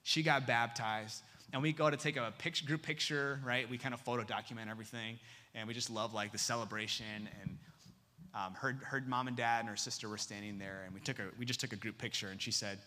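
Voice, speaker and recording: A man preaching a sermon, telling stories and acting out the voices of the people in them. His voice is bright and forward, with an average pitch. He swings between low, quiet asides and sudden excited high bursts. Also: fairly quick. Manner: storytelling, acting out dialogue with big pitch jumps. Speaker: campus missionary preaching.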